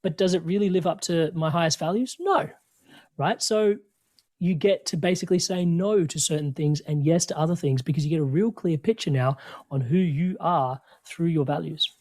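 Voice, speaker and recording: Animated man, slightly high voice. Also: moderate pace. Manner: energetic, animated storytelling with quoted dialogue. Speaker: podcast guest. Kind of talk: conversational coaching talk.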